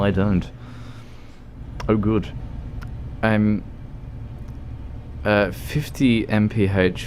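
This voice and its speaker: A low-voiced Australian man rambles through a relaxed stream of gameplay commentary at an unhurried, drawn-out pace. He jokes around and swears freely. A faint hiss sits under his voice. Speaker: livestreamer. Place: home streaming setup.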